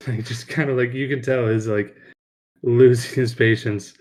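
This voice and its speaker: A man narrates a tabletop game as game master. He talks loosely and rambles with many fillers, in a mid-pitched voice. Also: fairly even intonation, normal speed, a little mellow.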